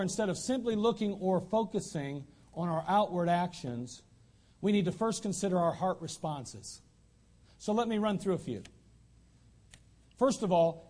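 A man's voice: high voice, darkish tone. A man preaching a sermon as pastor, emphatic and repeating lines for stress. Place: church sanctuary.

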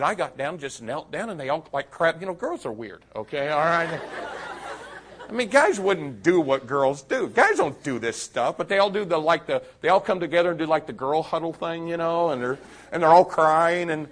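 A man preaching a sermon, telling a story and swinging from loud to hushed. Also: fairly high pitch, lively intonation, moderate pace.

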